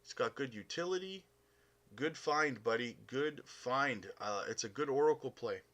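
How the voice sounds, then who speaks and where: Canadian guy on a live stream, chatty and friendly, bright voice, lots of uhs. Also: medium pitch, animated, normal speed. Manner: upbeat, chummy, calls viewers buddy, many uh fillers. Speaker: crypto live stream host. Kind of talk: casual live stream chat reading comments.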